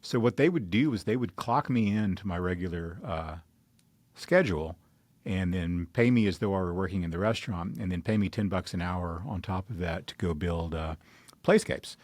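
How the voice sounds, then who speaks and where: A man hosting a podcast, chatting easily and telling stories in a relaxed, conversational way. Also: low-pitched, normal speed, no echo. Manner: easygoing, conversational storytelling. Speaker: podcast host. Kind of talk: casual conversation.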